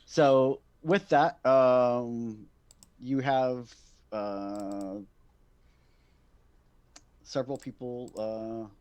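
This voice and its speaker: A man acting as game master for a tabletop game, speaking at a mid pitch. He stops and restarts often and fills the gaps with "um" and "uh". The recording is plain online voice chat. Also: steady tone, darkish tone, clear, resonant tone, no room sound. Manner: halting, with many fillers and apologies.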